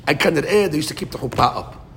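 Male Talmud teacher, lively and questioning, gravelly tone, slightly high pitch. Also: fast talker, a little hiss or hum. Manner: animated, questioning, mixes Hebrew and Aramaic terms. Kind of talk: Talmud class explanation.

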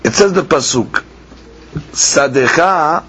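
A man teaching a Talmud lesson, chanting the text in a sing-song and then explaining it quickly, asking and answering his own questions. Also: a little high, expressive, noisy background. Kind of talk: Talmud lecture. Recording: dull lo-fi podcast recording with faint ambience.

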